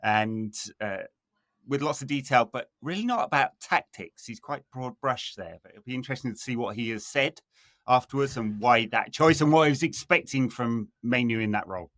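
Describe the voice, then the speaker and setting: Bloke co-hosting footy chat, bright sharp voice, wry, dry close mic. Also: male voice, medium pitch, dry recording. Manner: wry, measured, drifts into asides. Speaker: podcast co-host. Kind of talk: casual football chat.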